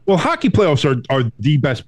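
Profane, animated sports podcast man. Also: moderate pace, no room sound. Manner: animated, profane, mocks others in high put-on voices. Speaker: podcast co-host. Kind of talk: casual sports chat. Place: home.

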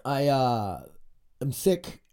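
A man's voice: medium pitch, sing-song, extremely slow, mellow. Congested, profane American man in his forties. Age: 40s. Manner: profane, rambling, ranting. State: congested, stuffy from a cold. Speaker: podcast host. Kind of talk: casual podcast monologue.

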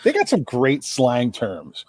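His voice is husky and mid-range, swinging hugely in pitch while he talks slowly. He's a South Jersey podcast co-host chatting loosely on a sports radio show, repeating words as he works out his thoughts. The recording is dry.

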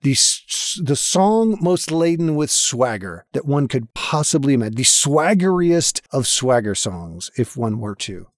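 A man's voice: mid-range voice, very animated, a little slow, few pauses, no echo. Dry, playful game-master voice, man. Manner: profane, playful dramatic narration. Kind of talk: narrating a tabletop game.

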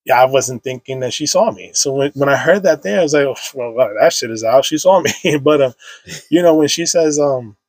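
A man in his thirties, a podcast guest, recounting painful family memories in a casual, halting way with lots of fillers and swearing. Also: medium pitch, darkish tone, husky, no echo, poor audio. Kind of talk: emotional personal storytelling.

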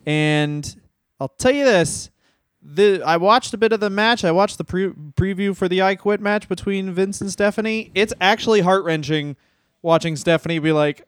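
A man co-hosting a comedy podcast in casual chat, swearing freely and correcting himself with quick jokey asides. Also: high-pitched, smooth, no room sound, studio quality. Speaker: podcast co-host.

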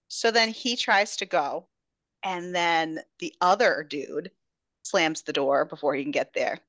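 A woman podcast host retelling a book in a casual, animated way, dropping into character voices. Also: low voice, measured pace, no echo. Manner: animated storytelling, jumps into characters.

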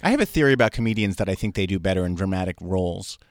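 A man's voice: deep voice, expressive, very fast, dry recording, studio quality. A man hosting a podcast, telling stories in a joking, conversational way. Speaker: podcast host. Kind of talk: casual podcast chat.

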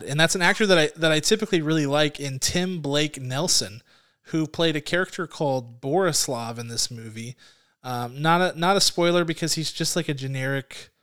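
Man, smooth voice, slightly high, casual movie review chat, animated. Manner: animated, quick asides and mock impressions. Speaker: podcast co-host.

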